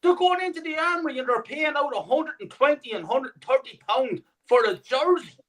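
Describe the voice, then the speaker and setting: A man's voice: very high-pitched, lively intonation, fairly quick, fairly bright tone, low-quality recording. A man talking as a guest on a fan podcast, indignant and sweary, with emphatic points. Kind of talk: podcast discussion.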